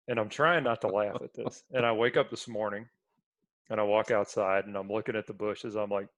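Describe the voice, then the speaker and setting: A man's voice: on the low side, fairly quick, a bit bright, dry recording. A man co-hosting a sports podcast, chatting casually and laughing his way through a story. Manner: storytelling, laughs while talking. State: feeling sick. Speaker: podcast co-host. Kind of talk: casual chat.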